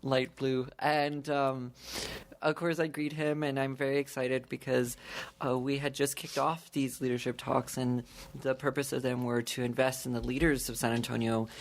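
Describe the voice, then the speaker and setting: A man's voice: mid-range voice, level tone, moderate pace. A man chatting casually as a podcast guest, telling a story in loose, rambling phrases and laughing often between them. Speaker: podcast guest, young adult ministry leader.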